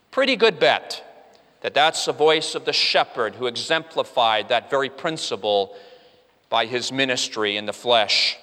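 A man's voice: mid-range voice, moderate pace, pushed and bright. A man preaching a sermon to his congregation, earnest, with frequent "uh" restarts and a voice that rises and falls. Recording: long hall reverb.

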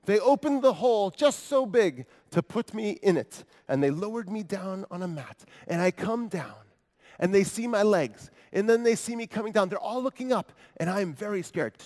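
A man's voice: high-pitched, lively intonation, normal speed, darkish tone. A man preaching a first-person dramatic monologue as a paralyzed grown man from Capernaum, earnest and wry, telling his story with asides to the congregation. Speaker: preacher in character. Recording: long hall reverb.

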